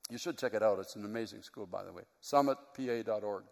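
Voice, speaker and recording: A man's voice: lowish voice, quick pace, creaky. A middle-aged man preaching a sermon as a pastor, telling a story in an earnest, emotional way. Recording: long hall reverb.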